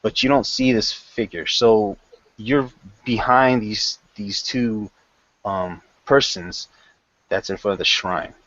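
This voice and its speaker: Slow, halting male game master. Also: fairly low pitch, steady tone, a bit bright, dry recording, lo-fi sound. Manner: halting, with many fillers and restarts. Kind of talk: narrating a tabletop game.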